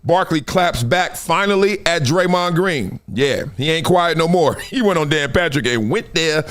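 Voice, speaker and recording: Brief: male host from Compton, high and lively voice, slangy playful live-stream sports chat. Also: moderate pace. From Compton, California. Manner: animated, playful, slangy, laughs often. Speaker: show host.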